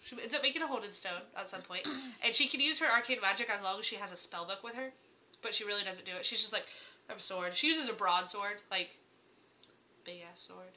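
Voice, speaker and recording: Young woman, bright and sharp voice, slightly hoarse, rambling casual chat full of asides. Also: medium pitch, a little fast, slight background noise, poor audio. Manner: rambling, chatty, jokey asides. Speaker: writer describing her characters.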